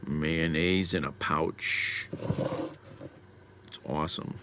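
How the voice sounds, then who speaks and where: A man's voice: a bass voice, steady tone, takes it slowly, background noise. A man live streaming while eating lunch, chatting casually and wryly answering comments from chat.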